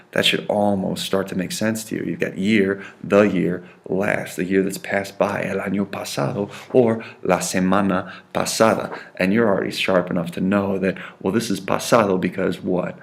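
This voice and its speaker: A man with a low, gravelly voice teaches a grammar lesson. He keeps checking in with his students and leans hard on the sounds he wants them to hear. The tone is patient and repetitive. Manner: checks in constantly with "right?" and "okay?"; stresses and repeats key sounds. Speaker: Spanish teacher.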